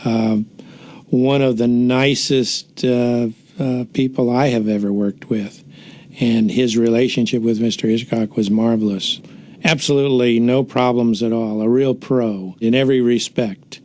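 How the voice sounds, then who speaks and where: A man interviewed for a documentary, praising a colleague in short, halting phrases. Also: medium pitch, fairly even intonation, darkish tone.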